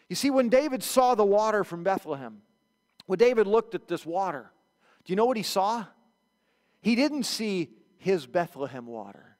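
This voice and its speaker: High-voiced pastor preaching in a reverberant church. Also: male voice, moderate pace. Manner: animated storytelling, acts out quotes. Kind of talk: sermon. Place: church sanctuary.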